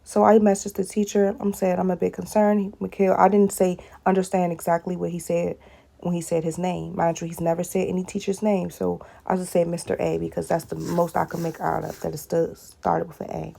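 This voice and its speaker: Woman, personal vlog to viewers, low voice, flat delivery, repeats phrases. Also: a little fast, vocal fry. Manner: talks straight to viewers, repeating short phrases. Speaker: parent speaking to viewers. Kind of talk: personal video-blog account.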